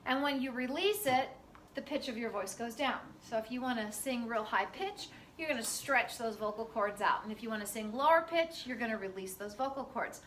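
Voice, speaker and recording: High bright woman lecturing in echoey room. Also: animated, fairly quick, few pauses, slight background noise. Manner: conversational, chatty with fillers. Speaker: teacher. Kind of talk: classroom lecture. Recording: echoey classroom from far off.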